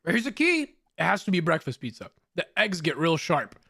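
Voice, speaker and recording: A man's voice: on the high side, very animated, moderate pace, creaky, pushed and bright, husky. A man co-hosting a podcast in casual banter, joking and laughing often. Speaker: podcast co-host.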